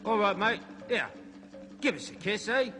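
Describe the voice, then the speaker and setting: A man's voice: high-pitched, moderate pace, lightly acted. An actor playing a jolly male explorer narrating his animal film, chatty and marvelling as he talks to the lizards. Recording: music playing under old TV film.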